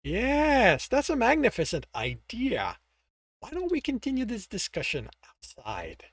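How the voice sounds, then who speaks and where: A man's voice: high voice, huge pitch swings, measured pace, a bit bright, pitched above the performer's own voice, heavily acted. A man doing a smug, menacing lynx.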